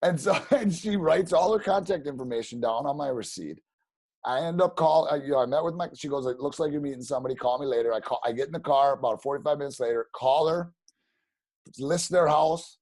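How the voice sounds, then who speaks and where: A man telling stories as a podcast guest, animated and rambling, with many restarts. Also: fairly high pitch, brisk, dry recording. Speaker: podcast guest, real estate agent. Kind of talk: casual storytelling interview.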